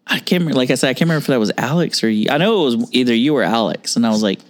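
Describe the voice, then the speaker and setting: A man's voice: mid-range voice, lively intonation, very fast. A man hosting a casual podcast chat, enthusiastic and jokey, swearing often. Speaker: podcast host.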